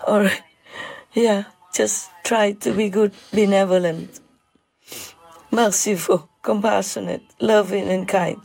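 A woman giving a heartfelt moral talk, halting and emotional, with many pauses and fillers. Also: medium pitch, a little mellow.

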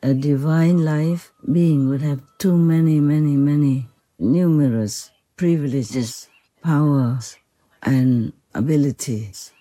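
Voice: medium pitch, slow, mellow, dry recording, natural voice, rough recording. A speaker relaying a gracious otherworldly king. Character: gracious otherworldly male king, benevolent and formal.

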